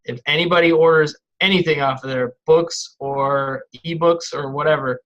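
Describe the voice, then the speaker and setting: A man's voice: on the high side, steady tone, moderate pace, fairly bright tone, muffled recording. A man appearing as a podcast guest and author, talking in an easygoing, encouraging way. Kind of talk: casual chat.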